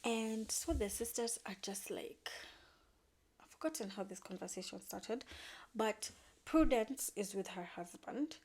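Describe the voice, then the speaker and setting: A woman's voice: mid-range voice, expressive, unhurried, a little mellow, slightly rough. A woman casually recapping a show, slangy and emphatic, acting out the characters' lines as she tells it.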